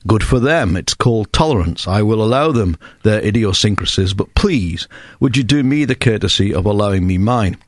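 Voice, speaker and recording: A man's voice: mid-range voice, no room sound. Englishman reading his book wryly. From England. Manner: dry, wry and measured. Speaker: guest author.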